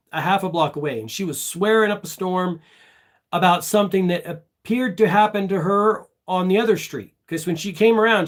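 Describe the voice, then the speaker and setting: A middle-aged man on a casual phone live stream, telling a story in a reflective, rambling way with frequent restarts. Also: high-pitched. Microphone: phone held by hand.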